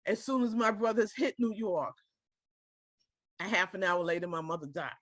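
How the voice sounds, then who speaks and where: A woman's voice: mid-range voice, moderate pace, no echo, clean studio sound. A woman telling a personal story to a small group, speaking directly and emotionally and often checking that her listeners follow her.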